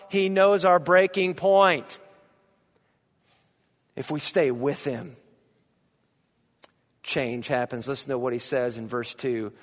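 A male pastor in his thirties delivers a sermon in a high voice, unhurried but breaking into shouted peaks. He preaches with animated energy, and a long hall echo trails his words.

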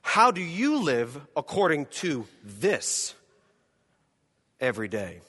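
A male pastor preaching a dramatic sermon in a church, acting out imagined voices and swinging between loud and quiet. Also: a little high, sing-song, takes it slowly, breathy edge, long reverb tail. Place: church hall.

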